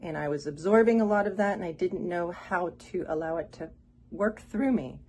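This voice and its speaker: A woman from Miami giving a heartfelt, halting testimonial, close to tears. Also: fairly low pitch, a little mellow. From Miami, Florida. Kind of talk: emotional spoken testimonial.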